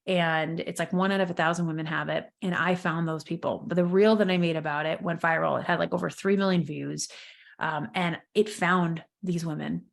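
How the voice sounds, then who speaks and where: A woman's voice: normal speed, vocal fry. A woman, hosting her own podcast and talking openly and emotionally about her business and personal life. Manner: candid and emotional, lively pitch swings. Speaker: podcast host, business coach. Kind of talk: casual solo podcast talk.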